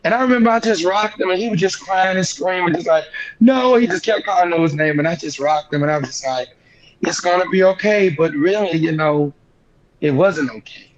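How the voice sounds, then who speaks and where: A young man with a fairly high voice tells a painful story in a halting way, repeating himself as he goes. The sound is dull and muffled, with the clear noise of a crowd behind him. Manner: halting, repeats himself, voice rises when reliving shock. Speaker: guest singer. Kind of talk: emotional interview storytelling.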